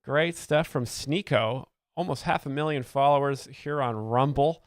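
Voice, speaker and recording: A man hosting a satirical commentary video, talking in a deadpan, mock-earnest way with many fillers. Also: medium pitch, a little slow, no room sound, studio quality. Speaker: comedy video host.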